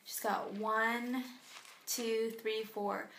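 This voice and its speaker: Woman, young adult, from Canada, casual chat, unhurried, fairly high voice, slight background noise. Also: flat delivery, a bit bright, echoey room. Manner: chatty, self-mocking, filler-heavy. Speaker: plant vlogger. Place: home bathroom.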